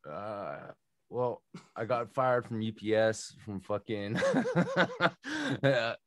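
A young man with a fairly low voice talks loosely and profanely, laughing through rambling stories. The sound is dry and close, with no room echo. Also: huge pitch swings, takes it slowly, fairly bright tone. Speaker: music producer guest. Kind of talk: casual podcast chat.

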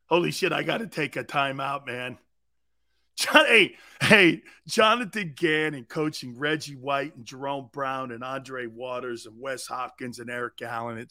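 A middle-aged man hosting a sports talk show, loud and boisterous, laughing often and mocking people in impressions. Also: fairly high pitch, creaky.

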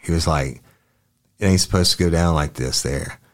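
A man reading as a subdued young witness. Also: a bass voice. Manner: halting, polite, many fillers. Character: young male witness answering police, subdued.

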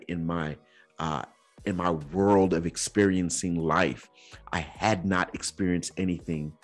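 A man's voice: sits low, breathy edge. A man hosting a podcast, earnestly telling a personal story in a reflective way, sometimes using casual slang. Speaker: podcast host.

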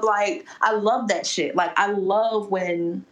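Woman, gallery curator on a podcast, blunt and emphatic, middle pitch, roomy echo. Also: takes it slowly, hardly any pauses. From Baltimore. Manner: profane, emphatic, animated storytelling. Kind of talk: casual podcast conversation.

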